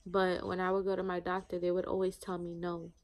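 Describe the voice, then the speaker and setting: Candid young woman rambling flatly. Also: on the low side, quick pace. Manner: rambling, heavy use of "like", candid. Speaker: vlogger. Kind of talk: casual storytime monologue.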